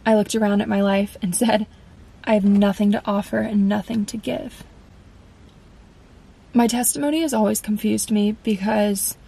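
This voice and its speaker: A woman's voice: mid-range voice, gravelly, dark tone, husky, rough recording. A woman in her twenties, host of a faith podcast, telling her personal testimony in an earnest, confessional way and acting out her past conversations.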